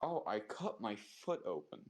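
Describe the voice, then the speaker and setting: A man's voice: lowish voice, sing-song, normal speed, a little mellow, poor audio. A man streaming live, chatting casually and rambling about his dogs and prices with loose, profane talk. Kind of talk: casual chat.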